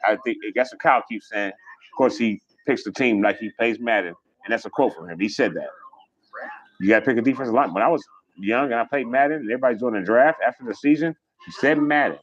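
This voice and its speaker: A man hosting a casual livestream, chatting fast and rambling, swearing freely as he reads viewer comments. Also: medium pitch, muffled recording. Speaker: livestream host.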